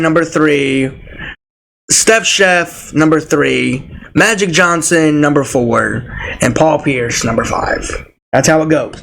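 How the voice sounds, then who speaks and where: A man's voice: on the high side, fairly bright tone, a little hiss or hum, low-quality recording. A young man ranting casually about basketball, teasing and laughing often, with frequent repeated words. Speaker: sports vlogger.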